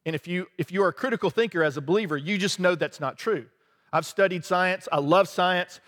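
A man's voice: high-pitched, brisk, fairly bright tone, long reverb tail. A man preaching a conversational sermon, with laughing asides and a habit of asking "right?" to his listeners. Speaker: pastor.

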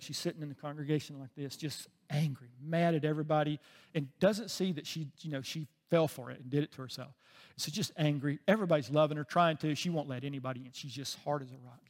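A man preaching a sermon as pastor, telling a story with deep feeling and often dropping to a soft voice. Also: in a large hall. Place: church sanctuary.

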